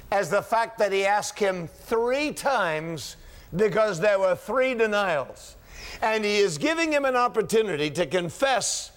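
A man preaching a sermon, asking rhetorical questions and voicing biblical dialogue, with a chuckle now and then. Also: high voice. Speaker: pastor.

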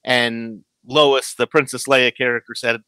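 A man in his thirties hosts a casual chat about a show. His voice is bright and forceful, the sound dry and close, and he tumbles into restarts while acting out what characters say. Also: mid-range voice, unhurried, clear, resonant tone, no echo, rough recording. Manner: animated, stammers, acts out quotes. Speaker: podcast host.

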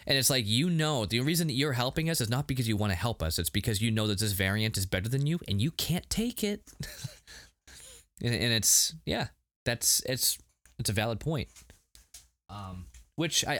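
A man co-hosting a casual review podcast, rambling through scenes and acting out quick quotes. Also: medium pitch, very animated, fairly bright tone, no room sound, clean studio sound. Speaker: podcast co-host reviewing a TV episode.

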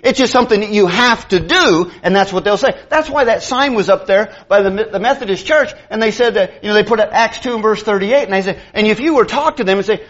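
A middle-aged man preaching a sermon, animated and conversational, acting out dialogue with quick asides. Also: high voice, muffled recording.

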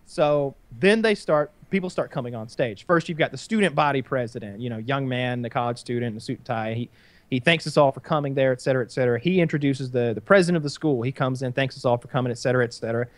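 A man's voice: mid-range voice, quick pace, no room sound. A man telling a long story in casual chat, rambling and profane with frequent restarts.

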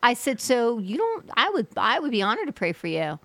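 A woman's voice: a little high, brisk, no echo. A woman hosting a Christian talk show, chatting and telling a story with acted-out quotes. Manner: animated storyteller, acts out quotes. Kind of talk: casual chat interview.

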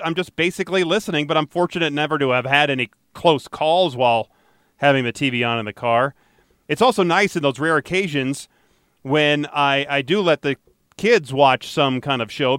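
An American host talks in a relaxed, reflective way and restarts his phrases now and then. His voice is smooth and a little high for a man. The sound is dry and close. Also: no room sound. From United States. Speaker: podcast host. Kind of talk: casual chat.

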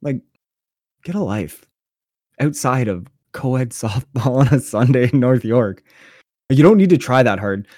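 Man, podcast co-host, casual storytelling, sarcastic, profane, animated, mid-range pitch, dry close sound. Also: unhurried, pauses often, dry recording.

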